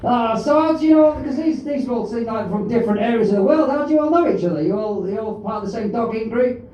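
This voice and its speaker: A man hosting a stand-up show, teasing the audience in a brash, sweary, shouting way during crowd work. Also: very high-pitched, expressive, fast, lo-fi sound. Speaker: comedy host and compere. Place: large comedy auditorium with live audience. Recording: echoey hall, distant mic, crowd noise.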